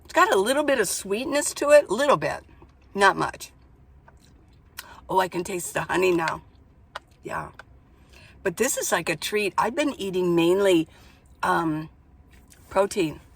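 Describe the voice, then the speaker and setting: A woman's voice: mid-range voice, lively intonation, measured pace, gravelly, pauses often, slightly rough. A woman vlogging from inside her minivan, chatting casually and rambling through stories. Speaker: van-life vlogger. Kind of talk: casual chat to camera.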